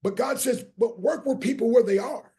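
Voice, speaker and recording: A man's voice: very high voice, moderate pace, warm tone. A man giving a motivational business talk as a guest speaker. He speaks like a preacher, drives his points home with emphasis, and spells out key words letter by letter. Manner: preacher-like, emphatic, rallies listeners. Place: online training session.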